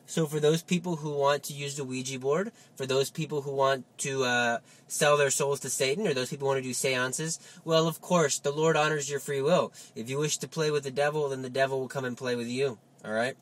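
A man giving a lively Catholic teaching talk, full of rhetorical questions and coaxing asides. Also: fairly high pitch. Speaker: Catholic speaker. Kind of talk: spoken religious teaching.

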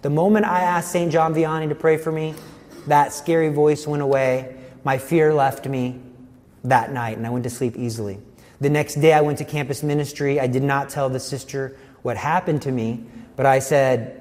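A man's voice: a little high, fairly even intonation, moderate pace, a little mellow, long reverb tail. A man giving an earnest personal faith testimony, telling his story vividly.

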